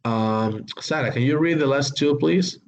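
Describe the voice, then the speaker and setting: Slow, hesitant male English teacher. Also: medium pitch, a little hiss or hum, poor audio. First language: Spanish. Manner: slow, hesitant, with many fillers and apologies. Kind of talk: online class explanation.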